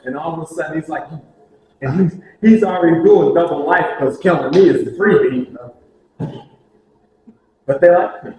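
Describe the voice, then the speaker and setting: A man telling lively stories about prison ministry to a group, acting out the voices of the people in them. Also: fairly high pitch, moderate pace, long pauses. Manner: animated, acts out dialogue, laughs at own stories. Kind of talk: storytelling talk to a group. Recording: very echoey room with faint hiss.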